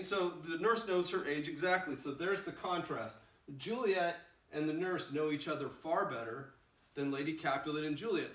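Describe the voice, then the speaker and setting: A man teaching a play in a casual, animated way, recorded in a roomy space with the mic far off. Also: a little high. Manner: casual and animated, acts out lines. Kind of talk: explaining a play scene.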